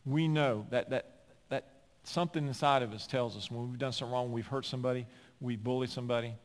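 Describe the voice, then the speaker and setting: A man preaching a sermon as a pastor, animated and climbing at times to near-shouting. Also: medium pitch, fast. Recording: long hall reverb.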